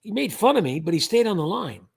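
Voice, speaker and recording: High gravelly-voiced male livestream host. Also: big pitch swings. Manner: rambling, halting restarts. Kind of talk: casual livestream chat.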